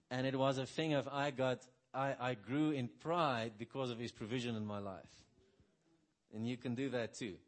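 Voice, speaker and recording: A middle-aged man preaches a sermon built on personal testimony, speaking conversationally and often checking in with "right?" When he quotes his own words, his voice drops soft and low.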